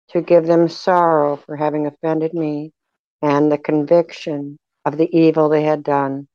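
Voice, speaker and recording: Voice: mid-range voice, no room sound, highs cut off, close to an everyday voice. A reader voicing Jesus, sorrowful and tender. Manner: measured, even delivery. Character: sorrowful man speaking as Jesus, tender and grieving. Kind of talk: devotional reading aloud.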